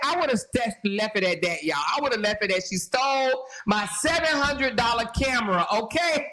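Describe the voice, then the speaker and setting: A woman's voice: fairly high pitch, lively intonation, normal speed, hardly any pauses, bright, forceful tone. A woman host giving sassy reaction commentary, laughing often and talking straight to her viewers.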